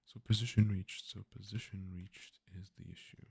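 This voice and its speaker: A man's voice: low voice, steady tone, normal speed, gravelly, warm tone, a little hiss or hum. A man, a game developer, thinking aloud casually while coding, hesitant with many filler sounds.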